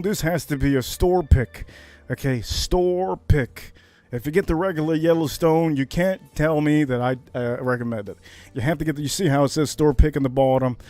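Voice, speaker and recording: A man from Miami hosting a casual whiskey livestream, brash and hyped, jumping to high shouts on catchphrases. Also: dry recording. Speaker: livestream host reviewing whiskey.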